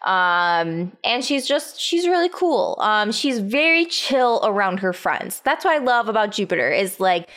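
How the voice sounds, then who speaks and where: A woman's voice: medium pitch, sing-song, unhurried, few pauses, a bit bright. A woman co-hosting a casual podcast, earnestly gushing compliments to a friend. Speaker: podcast co-host.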